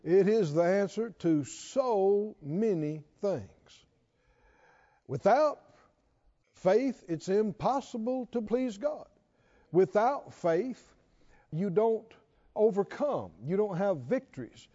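A man's voice: high-pitched, animated, slow pace, dark tone, highs cut off. A man preaching a sermon to a responding congregation, repeating questions and building to emphatic calls.

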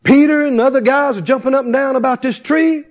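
A man preaching a sermon, animated, with shouts and call-and-response to the congregation. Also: extremely high pitch, fast talker, muffled recording.

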